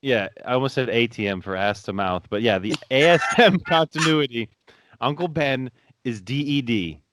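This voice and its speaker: A man's voice: medium pitch, moderate pace, background noise. A man cohosting a podcast, joking crudely in casual chat.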